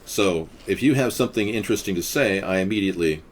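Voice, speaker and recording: A man hosting a casual livestream chat, musing in a deadpan, mock-guru manner. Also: sits low, fast talker. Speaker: livestream host.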